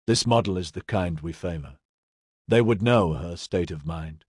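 A man voicing a cold, calculating male figure who speaks low and measured. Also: a little mellow, husky, no room sound, studio quality.

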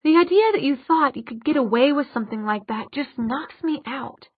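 A woman's voice: high voice, expressive, moderate pace, no echo. Woman reading as sardonic young villain. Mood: mocking. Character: mocking cold young man, smooth villain. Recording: dull lo-fi audiobook recording.

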